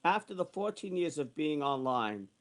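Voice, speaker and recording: A man's voice: on the high side, big pitch swings, moderate pace, fairly bright tone. Heated sixty-year-old man ranting. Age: 60s. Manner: heated, repetitive, profane ranting. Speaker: online streamer. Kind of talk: angry ranting monologue.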